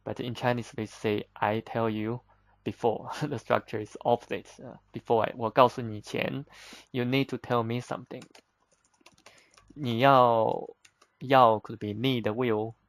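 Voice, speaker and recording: A man's voice: medium pitch, fairly even intonation, a little slow, no room sound. A man teaching vocabulary, explaining patiently step by step in plain, slightly broken English with simple examples. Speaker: Chinese teacher.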